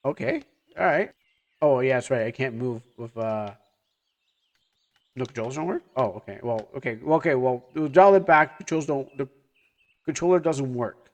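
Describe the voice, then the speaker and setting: A man streaming a game live, commenting in an excitable way with lots of stammering restarts. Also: medium pitch, moderate pace, long pauses.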